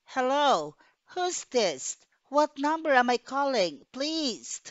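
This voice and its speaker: A woman's voice: mid-range voice, unhurried, dry recording, natural voice. A woman teacher reading the part of a querulous, neurotic woman phoning the operator, from a radio play script. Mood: anxious. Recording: dull dry recording.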